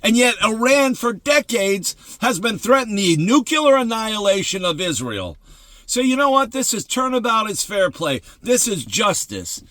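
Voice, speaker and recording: A man hosting a devotional show, preaching in an excitable, emphatic way, repeating phrases and often breaking into laughter. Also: high-pitched, normal speed, no room sound.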